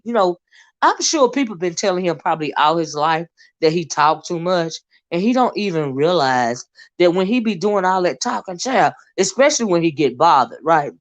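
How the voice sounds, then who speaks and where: Chatty woman hosting a livestream. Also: mid-range voice. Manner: chatty, greets viewers by name, laughs often. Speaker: livestream host. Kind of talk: casual livestream chat.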